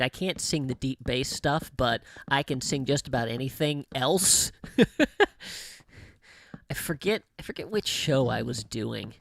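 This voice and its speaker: A man's voice: mid-range voice, a little slow, gravelly, fairly bright tone, no room sound. A middle-aged man chatting on a livestream, telling stories with laughs and many restarts. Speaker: streamer. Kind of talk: casual livestream chat.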